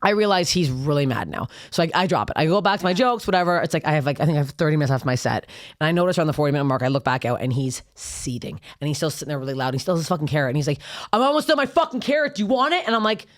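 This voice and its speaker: A woman comic and podcast co-host telling a story in casual chat, profane and animated, acting out what people said. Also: low-pitched, no echo, clean studio sound. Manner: rapid, profane, animated storytelling with acted-out quotes. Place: podcast studio.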